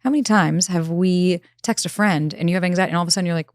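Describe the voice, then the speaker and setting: A woman who is a relationship expert, telling personal stories in a relaxed interview and acting out her own inner dialogue. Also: on the low side, fast talker, dry recording, clean studio sound. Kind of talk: conversational storytelling. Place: studio.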